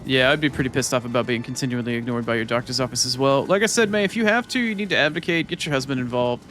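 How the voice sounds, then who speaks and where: A man's voice: mid-range voice, fast talker, music in the background. A man streaming a game from his chair at home, chatting casually with viewers in a loose, profane, rambling and playful way. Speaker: gaming streamer.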